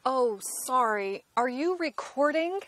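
An American woman in a scripted English lesson dialogue, speaking clearly and a little apologetically. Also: high voice, expressive, slow pace, fairly bright tone. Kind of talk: slow scripted dialogue for learners.

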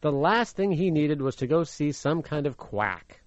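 Animated man explaining slang. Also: fairly high pitch, a little slow, no room sound. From Los Angeles, USA. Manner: playful, animated, laughs easily. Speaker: slang teacher. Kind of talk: storytelling lesson explaining idioms. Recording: slightly muffled radio recording.

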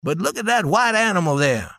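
A man's voice: sits high, sing-song, a little fast, gravelly, pushed and bright, no echo, clean studio sound, exaggerated voice. A man voicing a curious old ranch owner, asking questions.

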